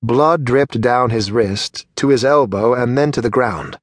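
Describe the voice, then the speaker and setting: A narrator reads a fantasy novel aloud from script, his middle-pitched voice calm and measured. The recording is close and dry, with no room sound at all.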